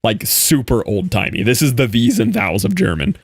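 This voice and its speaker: A man's voice: medium pitch, big pitch swings, normal speed, gravelly, slightly rough, dry recording. A young American man chatting casually while gaming, explaining things loosely with lots of "like"s. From United States. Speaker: gaming streamer.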